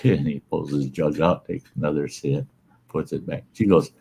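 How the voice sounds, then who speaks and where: A man's voice: low voice, fairly even intonation, fairly quick, mellow, slightly rough. A man in his sixties hosting a casual video chat, telling jokes and laughing between them. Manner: laughs between stories, tells drunk jokes. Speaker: show host.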